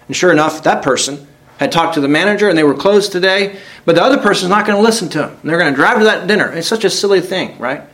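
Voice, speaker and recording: A man preaching a sermon, reading scripture aloud and asking the congregation direct questions. He talks earnestly, climbing to emphatic peaks and then dropping quiet. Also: high-pitched, fast.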